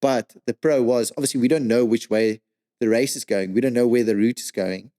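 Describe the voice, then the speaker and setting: A man telling a story as a podcast guest, animated and swearing, with lots of "like" and "dude.". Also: medium pitch, a little fast. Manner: animated, swears a lot, says "like" and "dude" often. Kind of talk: casual storytelling.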